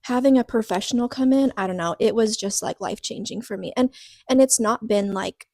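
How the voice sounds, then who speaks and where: Woman podcast co-host, fairly high voice, dry close sound, rambling heartfelt chat. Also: brisk, warm tone, no room sound. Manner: rambling, full of "like" fillers and restarts; earnest, openly vulnerable. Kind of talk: casual personal podcast chat.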